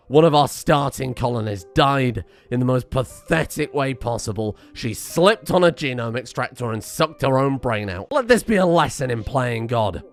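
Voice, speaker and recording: A man's voice: mid-range voice, animated, normal speed, soft background music. A man doing video game commentary, rambling and exasperated, talking nonstop. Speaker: let's play host.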